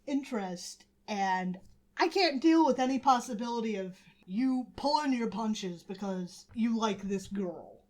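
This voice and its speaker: A woman's voice: fairly high pitch, expressive, unhurried, darkish tone. A woman putting on a bossy young male hero leader, talking in a curt, mock-serious way, raised a bit above her own voice.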